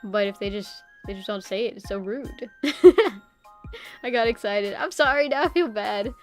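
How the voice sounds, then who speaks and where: A woman's voice: medium pitch, normal speed, soft background music. A young woman streamer chatting casually and rambling, with lots of "like" and frequent laughs. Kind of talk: casual live-stream chat.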